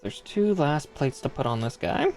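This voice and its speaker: A man's voice: a little high, expressive, moderate pace, creaky, darkish tone, faint music behind. Chatty man streaming a model build. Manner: chatty, laughs often, reads out part numbers. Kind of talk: casual live-stream chat.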